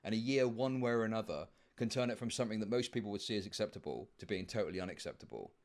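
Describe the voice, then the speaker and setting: A man in a played debate clip, making his case in a measured, hesitant way with restarts. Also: on the low side, animated, darkish tone. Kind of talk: debate discussion.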